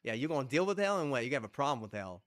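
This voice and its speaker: A man's voice: mid-range voice, sing-song, racing, fairly bright tone. A man streaming a game, ranting heatedly and profanely, with repeated rhetorical questions. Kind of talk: ranting chat while gaming.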